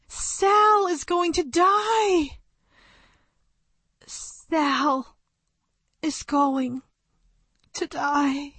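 Slow, measured woman narrating a story. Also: fairly high pitch, a bit bright, no echo. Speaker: audiobook narrator. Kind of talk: first-person audiobook narration.

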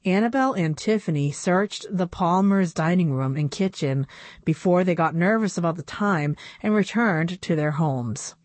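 A woman reading a children's storybook aloud in an expressive, unhurried way. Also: fairly low pitch, no room sound.

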